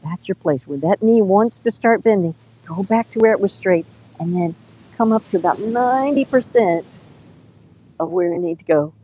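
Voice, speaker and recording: A woman over fifty teaching a live yoga class outdoors on a beach, giving gentle, coaxing cues and counting breaths. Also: medium pitch, normal speed, slight background noise, rough recording.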